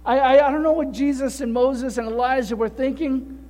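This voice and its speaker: A male preacher with a very high voice leads a sermon, telling the story with animation and asking his listeners one rhetorical question after another. The sound rings out with a long echo, as in a big hall. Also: a little fast, warm tone. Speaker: pastor.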